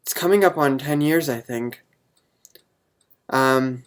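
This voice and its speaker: A young man answering viewer questions to camera, halting and full of ums, earnest and openly emotional. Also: mid-range voice. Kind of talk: casual chat to camera.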